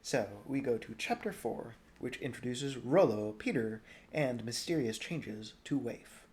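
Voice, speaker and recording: A young adult man reading a novel aloud in a relaxed, informal way. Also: medium pitch, unhurried. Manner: relaxed, informal, jokes at stumbles. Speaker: storybook reader.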